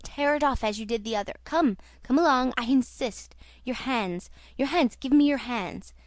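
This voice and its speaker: A woman reading aloud and voicing a tormented masked man who taunts, rages and grieves in turn, with loud, intense delivery. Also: on the high side, moderate pace, no echo, close to an everyday voice. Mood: raging, taunting. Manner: intense, mocking, then anguished. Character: tormented masked male phantom, raging and self-pitying.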